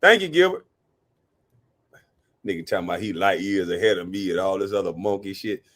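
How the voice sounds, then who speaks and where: A man hosting a live reaction stream, talking animatedly, cursing and giving shout-outs to his chat. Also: low-pitched, animated, a little fast. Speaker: livestream reaction host.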